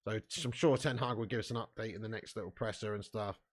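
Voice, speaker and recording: A man's voice: fairly low pitch, steady tone, fast talker. A man hosting a live football watch-along. He reads chat comments aloud and talks in a casual, sweary way. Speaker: fan channel host.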